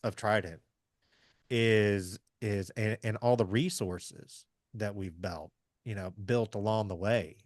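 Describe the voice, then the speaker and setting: Folksy low-voiced man, dry sound. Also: takes it slowly, a little mellow, no echo. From Southeast Missouri. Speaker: podcast host. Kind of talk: casual business chat.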